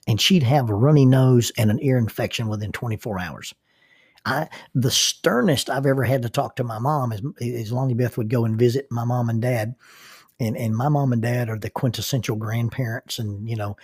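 Podcast host: middle-aged man, gravelly, husky, folksy storyteller. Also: medium pitch, no room sound, studio quality. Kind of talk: podcast storytelling with sponsor reads.

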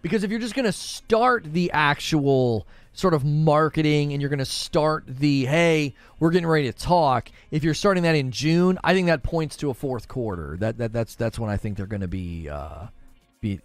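A man's voice: fairly high pitch, moderate pace, no echo, faint music behind. A man hosting a gaming news show, rambling in casual chat and answering viewers' questions.

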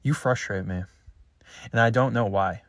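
A man delivering a frustrated, halting, blunt confessional message as a spiritual content creator. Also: on the low side, fairly bright tone, no echo, studio quality.

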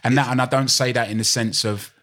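A man's voice: mid-range voice, fast. A man in his fifties from East London with a London accent, telling stories as a guest in a casual conversation. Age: 50s. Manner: storytelling, animated, frequent restarts. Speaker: guest DJ and presenter.

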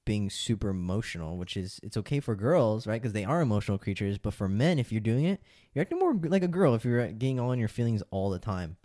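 Mellow, blunt man lecturing listeners. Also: fairly low pitch, big pitch swings, quick pace, dry recording, clean studio sound. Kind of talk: casual advice talk.

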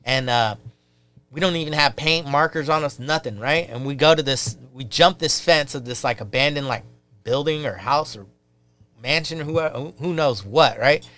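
A young man telling a story in casual chat, profane and animated, acting out the voices of the people in it. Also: on the high side, moderate pace.

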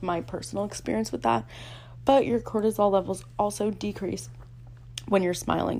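A woman's voice: medium pitch, vocal fry, a little mellow. A young woman hosting her own podcast, talking casually and chattily, with lots of fillers and self-deprecating asides. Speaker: podcast host. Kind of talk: casual solo podcast talk.

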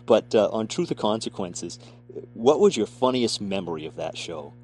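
A man interviewing a guest on the radio, asking casual questions with a husky voice and frequent restarts. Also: fairly low pitch, big pitch swings, normal speed, darkish tone.

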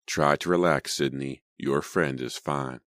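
A man voicing a brisk, reassuring family doctor in a calm, matter-of-fact way. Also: very deep voice, no echo, clean studio sound.

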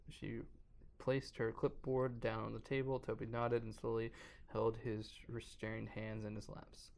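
Man, podcast host, casual horror story reading, gravelly, stumbles over words. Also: medium pitch, little pitch movement, moderate pace, a little mellow. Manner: reads aloud, stumbles, breaks off to joke.

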